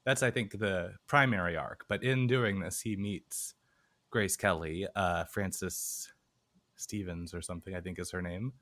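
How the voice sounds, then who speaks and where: A man co-hosting a podcast, chatting casually about a film, relaxed and meandering with many fillers. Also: low voice, a little slow. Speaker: podcast co-host.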